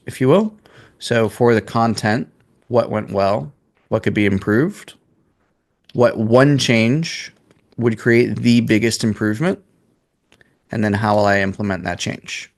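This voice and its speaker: A man in his twenties coaching a sales class in a casual, blunt way, swearing freely. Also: mid-range voice. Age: 20s.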